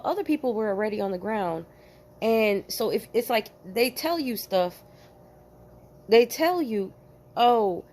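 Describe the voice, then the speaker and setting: With a fairly high-pitched voice, the New Jersey woman who used to be a police officer delivers an animated, profanity-laced story to camera, stressing her points and erupting in laughter.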